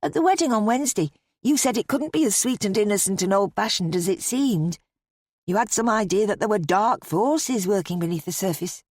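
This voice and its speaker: A woman voicing a kind, practical young woman who speaks gently and sympathetically with a light playful touch. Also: medium pitch, animated, a little fast, dry recording, studio quality, natural voice. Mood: gentle.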